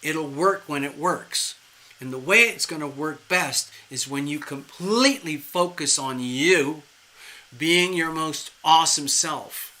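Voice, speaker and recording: A man reads tarot on a live stream, talking in a chatty, playful way. His voice sits somewhat high and sounds bright and forward. He keeps the delivery animated and conversational. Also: slow pace, rough recording. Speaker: tarot reader.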